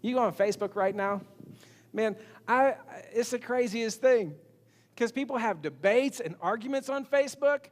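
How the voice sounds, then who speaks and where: A man's voice: very high-pitched, moderate pace. A man preaching a sermon as pastor, talking conversationally, often repeating words and acting out little quoted exchanges. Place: church sanctuary. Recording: long reverb of a large church hall.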